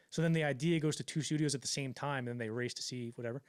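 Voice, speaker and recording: A man telling a story on a casual podcast, swearing freely and acting out the quotes in quick put-on voices. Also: medium pitch, fairly even intonation, clear, resonant tone, dry recording, studio quality. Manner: fast, profane, acts out quotes in voices. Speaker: podcast co-host.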